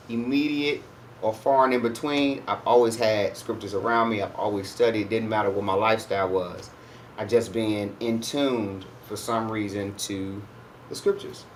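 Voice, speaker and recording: A man's voice: mid-range voice, slight background noise. A man hosting his own channel, giving a casual religious teaching monologue in a conversational way and often checking in with his listeners. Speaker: host.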